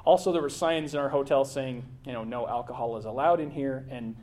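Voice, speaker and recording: A man's voice: mid-range voice, fairly quick, a little mellow. Rambling American man narrating travel slides. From United States. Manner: rambling, with many fillers and restarts. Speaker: presenter giving a slide talk. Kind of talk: casual travel slideshow talk.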